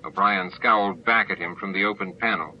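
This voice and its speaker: A man's voice: low-pitched, a little fast, muffled recording, a little hiss or hum. Man reading an audiobook aloud. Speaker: audiobook reader. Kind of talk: amateur audiobook narration.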